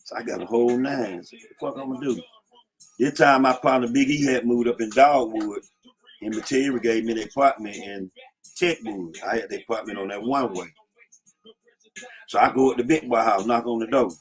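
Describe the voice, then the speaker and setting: Here a middle-aged Atlanta man relaxes in a car, recounting old street stories in slang and frequently adding "you know what I'm saying." He talks at a moderate pace in a mid-range voice, faint music playing behind him.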